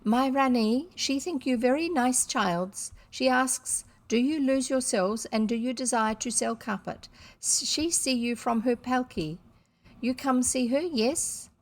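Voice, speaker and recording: A woman voicing a polite, smiling male interpreter who speaks slow, halting broken English with a put-on foreign accent. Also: mid-range voice, breathy edge. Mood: eager, inviting.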